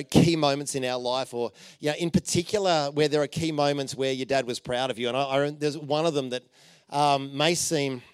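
A man preaching a conversational sermon, telling stories with playful jokes and asides, and dropping to a soft voice for emphasis. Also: medium pitch, dry recording. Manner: informal and joking, with many fillers and playful asides.

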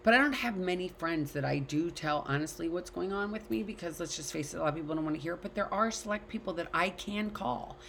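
A woman's voice: lowish voice, quick pace, creaky, hardly any pauses, a bit bright, slight background noise. A middle-aged woman talking casually and candidly to an online class, speaking her mind and swearing freely. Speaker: class teacher. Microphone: video call.

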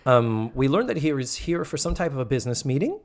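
Man, podcast host, casual recap chat, laughs a lot, acts out quotes, mid-pitched voice. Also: big pitch swings, fast.

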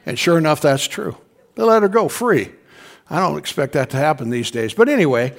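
High-voiced preacher telling a story. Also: male voice, lively intonation, a little fast. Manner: conversational storytelling, calls on the congregation to respond. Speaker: pastor. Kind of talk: sermon.

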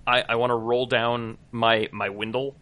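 Male player, bright tense tone, chatty, laughs often. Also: medium pitch, level tone, moderate pace. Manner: chatty, laughing, self-interrupting. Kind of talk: casual tabletop play.

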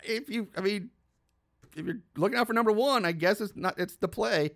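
A man's voice: high-pitched, brisk, creaky, fairly bright tone. A young man casually recapping a film's plot as a podcast host, swearing and adding incredulous asides with laughs.

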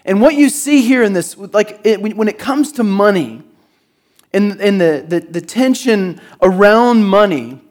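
A man's voice: high-pitched, animated, unhurried, a little mellow. A middle-aged man from the Jacksonville, Florida area, preaching a sermon in a conversational, storytelling way and acting out voices in his anecdotes. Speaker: pastor.

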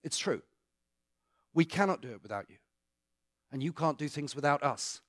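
A man's voice: a little high, lively intonation, moderate pace, dry recording, studio quality. A British man giving a joking, conversational church talk to a congregation and taking questions. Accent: British English. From Britain. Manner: chatty and joking, with asides to the audience. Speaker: guest speaker.

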